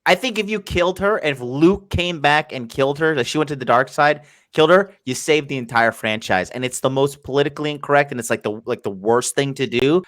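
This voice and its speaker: Excitable swearing podcast guy, dry sound. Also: mid-range voice, a little fast, hardly any pauses, no echo. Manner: excited, swearing, many restarts. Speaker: podcast co-host. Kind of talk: casual chat.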